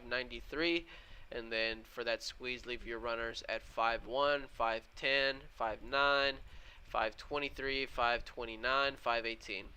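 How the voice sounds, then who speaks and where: A man's voice: medium pitch, pushed and bright, clear, resonant tone. A man casually walking viewers through his trades on a live stream and answering chat. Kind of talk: live trading stream commentary.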